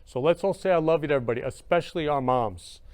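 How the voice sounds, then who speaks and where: A man hosting a casual livestream show, talking warmly and effusively and saying "love you" over and over. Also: a little high, quick pace, smooth. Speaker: show host.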